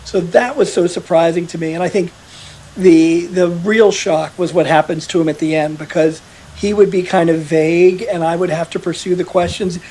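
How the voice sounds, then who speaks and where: A man telling a veteran's story in a casual podcast conversation, animated and quick to quote others. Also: high-pitched, slightly rough. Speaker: author interviewed about his article.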